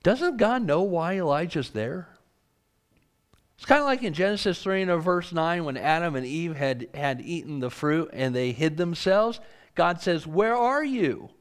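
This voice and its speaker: A man's voice: a little high, expressive, measured pace, clear, resonant tone. A man preaching a sermon, reading scripture aloud and asking earnest rhetorical questions.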